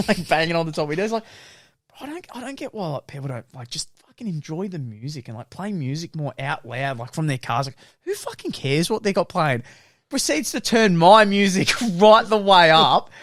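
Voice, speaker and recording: A man's voice: sits high, fairly bright tone, no room sound, clean studio sound. A young Australian man co-hosting a podcast, telling sweary stories in casual banter and laughing often. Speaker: podcast co-host.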